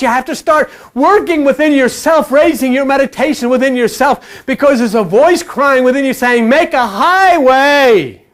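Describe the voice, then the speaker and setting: A preacher giving an impassioned sermon, blunt and repetitive, swinging from low murmurs to sudden loud outbursts. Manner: blunt, repetitive, earthy slang.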